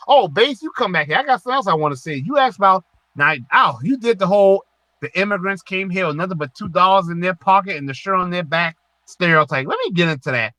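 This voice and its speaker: A man's voice: high voice, pushed and bright, dry recording. A man with a Southern US accent hosting a live online audio space, lecturing a caller in a heated, emphatic way and repeating himself.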